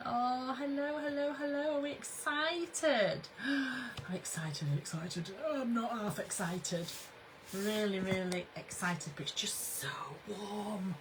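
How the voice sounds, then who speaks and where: Bubbly woman chatting slowly. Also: medium pitch, noisy background. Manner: chatty, bubbly, greets viewers by name. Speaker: craft brand owner hosting a livestream. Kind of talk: casual livestream chat.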